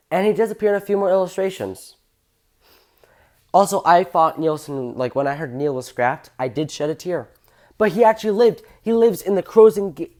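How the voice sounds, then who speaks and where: Casual fan commentary, enthusiastic host, rambling, self-correcting, mid-pitched voice. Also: darkish tone. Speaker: train fan channel host.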